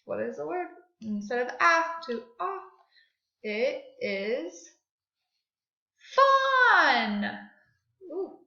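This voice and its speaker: Woman teacher, high bright voice, very slow exaggerated phonics drills, echoey room. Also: animated, vocal fry. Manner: slow, exaggerated sounding out of words for children. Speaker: second grade teacher. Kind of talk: online phonics lesson. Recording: echoey room, dull lo-fi audio.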